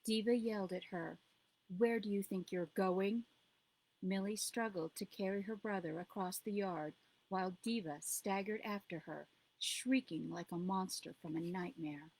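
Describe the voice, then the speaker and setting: A woman reading her own novel aloud as narrator, in a steady, measured storytelling voice. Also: medium pitch, rough recording. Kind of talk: audiobook reading.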